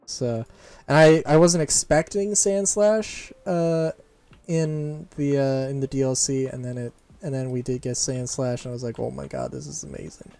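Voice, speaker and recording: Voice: mid-range voice, fairly even intonation, unhurried, mellow. A streamer and voice actor chatting casually during a live game stream, rambling, often restarting sentences and laughing. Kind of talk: casual live-stream chat while playing. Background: faint game music and keyboard typing.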